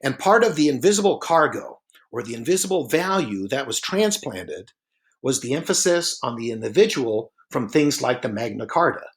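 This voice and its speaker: A man recording a narrated slideshow lecture, his voice sitting at an ordinary middle pitch. He explains at an easy pace, filling pauses with "uh" and drawing out key words slowly to stress them. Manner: relaxed and explanatory, with frequent "uh" fillers.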